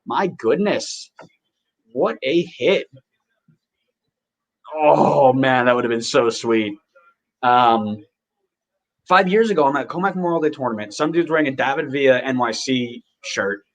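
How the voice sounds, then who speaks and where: A man hosting a podcast, rambling casually and reacting excitedly while he watches a match live. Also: medium pitch, moderate pace, low-quality recording. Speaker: podcast host.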